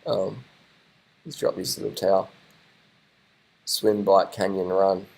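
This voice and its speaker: A man talks over race footage in a loose, rambling way. His voice sits on the low side, and he gets excited, swears casually and keeps repeating himself as he reacts. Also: slow, gravelly, rough recording. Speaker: vlogger commenting on race footage. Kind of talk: casual live commentary over video.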